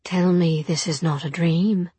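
A woman's voice: on the low side, fairly even intonation, unhurried, mellow, breathy edge, no echo. A woman voicing a feverish young man who speaks in a dreamy, drowsy way. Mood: dazed. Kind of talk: audiobook reading.

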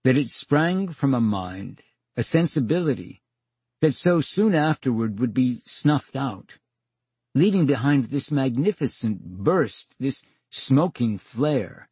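An older man spins anecdotes on a radio show, his pitch swinging animatedly as he acts out each exchange. His voice has a slightly husky edge. The studio sound is dry and close. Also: animated, takes it slowly, darkish tone, dry recording. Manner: theatrical storyteller, acts out dialogue, wry. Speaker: radio interview guest. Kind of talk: storytelling in a radio interview.

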